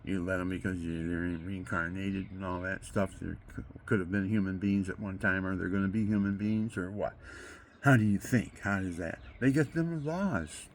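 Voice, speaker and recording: An older man with a low, gravelly voice talks in a rambling, preachy monologue. He drops to near whispers, then bursts out loudly. A faint hum runs behind him. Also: normal speed. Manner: preachy, rambling, swings from hushed to loud. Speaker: amateur guitarist and video maker.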